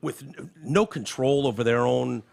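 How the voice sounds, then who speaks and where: A man hosting a podcast, talking in an animated, profane, casual way about the news. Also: medium pitch, moderate pace, creaky. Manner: animated, profane, reads quotes aloud. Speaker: podcast host. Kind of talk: casual political chat. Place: podcast studio.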